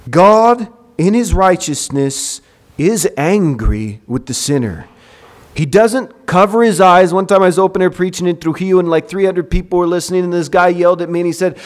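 A man preaching a sermon with passion, acting out short dialogues and swinging from loud to soft. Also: high-pitched, lively intonation, moderate pace.

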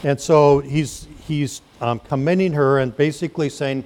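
A man's voice: medium pitch, fairly even intonation, moderate pace, few pauses, darkish tone. A man preaching a sermon in a conversational way, explaining step by step and often correcting himself mid-phrase. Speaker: pastor.

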